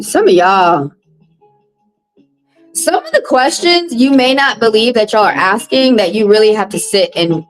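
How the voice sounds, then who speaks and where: A woman's voice: medium pitch, low-quality recording. A woman reading tarot live for viewers, talking bluntly and profanely, teasing callers and laughing often. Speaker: tarot reader on a live stream. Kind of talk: casual live-stream chat.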